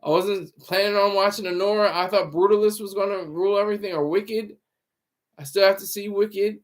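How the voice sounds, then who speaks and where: High-voiced rambling male streamer. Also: steady tone, fairly quick. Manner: rambling and sarcastic, with frequent restarts. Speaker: livestreamer. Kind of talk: casual commentary.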